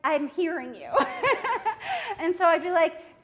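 A middle-aged woman preaching a sermon in a lively way, laughing often and acting out what people say. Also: high-pitched, a little slow. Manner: lively, laughs often, acts out quoted speech.

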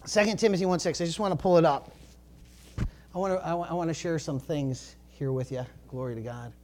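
A male pastor preaching a sermon, swinging from low, quiet emphasis to fervent shouts and often saying praise the Lord. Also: brisk. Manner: rising to fervent shouting when stirred, dropping low for emphasis; peppers talk with praise the Lord and glory to God.

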